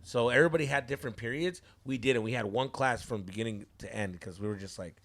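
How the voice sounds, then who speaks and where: A man, a podcast host telling a story in casual chat, profane and animated, acting out quotes. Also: mid-range voice, fast. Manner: animated, profane, laughs a lot, acts out quotes.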